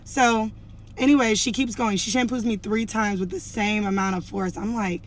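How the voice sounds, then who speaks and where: A woman's voice: mid-range voice, normal speed, a little hiss or hum. Chatty young woman telling a story. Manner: chatty, heavy use of "like", acts out quoted lines. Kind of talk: casual storytime to camera.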